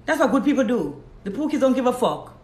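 A woman's voice: on the high side, very animated, fast, darkish tone. A Jamaican woman hosting a live stream, preaching bluntly and reading out viewer comments. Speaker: host. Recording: roomy echo.

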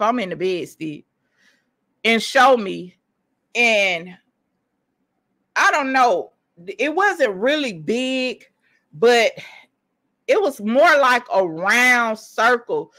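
A woman telling a personal story in an animated, emphatic way, speaking straight to her listeners. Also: medium pitch. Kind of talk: casual storytelling monologue.

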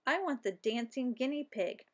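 A woman's voice: high voice, expressive, moderate pace, voice pushed up. A woman voicing a bossy, demanding young girl in a children's storybook.

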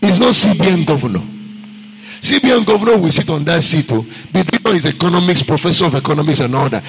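A man with a Nigerian accent, a pastor preaching a sermon emphatically and checking in with the congregation with quick asides. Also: fairly high pitch, lively intonation, gravelly, fairly bright tone, slight background noise, poor audio.

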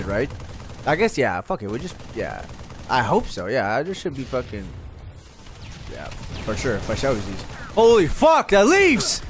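A man streaming a live video game session, chatting to viewers in an excitable, constantly swearing way. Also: mid-range voice, slight background noise. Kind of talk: casual live gaming commentary.

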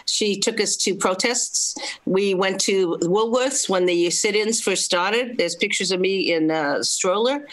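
A woman's voice: mid-range voice, measured pace, poor audio. An older woman from Los Angeles, a film critic guest chatting in an interview with playful humor and easy laughs. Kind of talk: casual interview chat.

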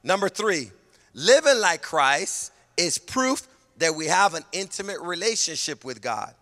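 A man from California, a pastor preaching a sermon with emphatic delivery that often rises to a shout. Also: fairly high pitch, big pitch swings, measured pace, in a large hall. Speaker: senior pastor.

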